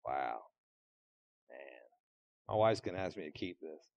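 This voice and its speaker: A middle-aged man preaching a sermon in a church, animated and joking with the congregation. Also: sits low, measured pace, vocal fry, no room sound, highs cut off. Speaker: pastor. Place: church sanctuary.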